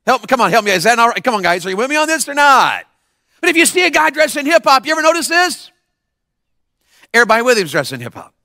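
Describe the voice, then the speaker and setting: A man preaching a lively sermon to young people, acting out the people in his stories. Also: extremely high pitch, quick pace, gravelly, dry recording, clean studio sound. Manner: animated, mimics people. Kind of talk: youth sermon. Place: church service.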